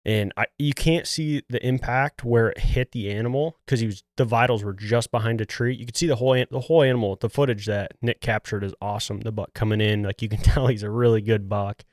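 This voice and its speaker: A man's voice: lowish voice, a little fast, hardly any pauses, no echo, clean studio sound. A man hosting a podcast, casually and animatedly telling a hunting story with a lot of "dude.". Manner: animated, acts out quotes, says "dude" often. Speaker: podcast host.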